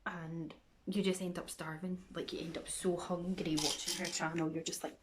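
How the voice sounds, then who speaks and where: A woman's voice: on the low side, level tone, normal speed, noisy background. A woman with a Scottish accent chatting and rambling through a makeup tutorial for her vlog, often dropping into a near whisper. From Scotland. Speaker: makeup vlogger.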